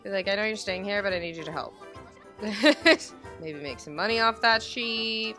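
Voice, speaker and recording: A young woman hosts a gaming video with casual let's-play commentary, chatting away and talking to her characters as she plays. Her mid-range voice comes across pushed and bright at a moderate pace, with soft music behind her.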